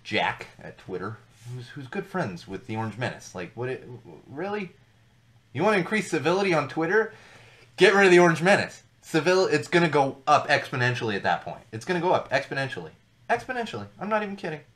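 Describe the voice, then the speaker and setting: A man's voice: fairly high pitch, very animated, fast talker, fairly bright tone. Rambling, jokey male podcast host. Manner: rambling, jokey asides, repeats for emphasis. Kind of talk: casual solo commentary on news.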